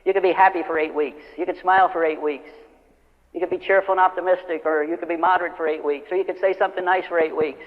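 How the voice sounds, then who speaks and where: A man's voice: high voice, steady tone, quick pace. A man giving a live motivational speech, telling stories and acting out the people in them. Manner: storytelling, acting out quoted customers and friends. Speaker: motivational speaker. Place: large hall with a live audience. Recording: old lo-fi record of a speech in a reverberant hall.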